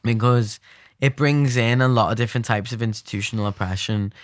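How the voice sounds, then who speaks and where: A man's voice: mid-range voice, fairly quick, no echo. A young man with a Scouse accent, chatting animatedly as a podcast guest, rambling with many fillers and restarts. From Liverpool, England. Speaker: podcast guest, poet and theatre maker. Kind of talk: casual interview chat.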